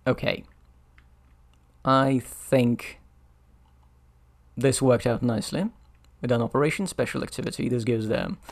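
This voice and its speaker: A man's voice: medium pitch, fairly even intonation, unhurried, creaky, pauses often. A man playing a strategy board game on his own, thinking aloud and muttering over the rules as he decides his moves. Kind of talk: solo board game playthrough commentary.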